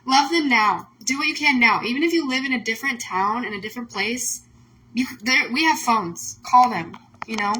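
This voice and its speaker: A woman's voice: a little high, moderate pace, pushed and bright, slight background noise, low-quality recording. A woman host talking casually on a livestream, emotional and rambling, full of "like" fillers. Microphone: phone or webcam on a livestream.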